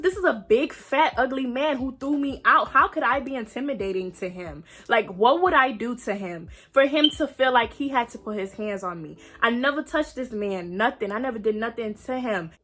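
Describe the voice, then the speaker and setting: Young woman, bright, somewhat high voice; dramatic storytime vlogger who swears a lot. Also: lively intonation, moderate pace, hardly any pauses. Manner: dramatic retelling, acts out quotes, swears freely. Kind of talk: animated storytime.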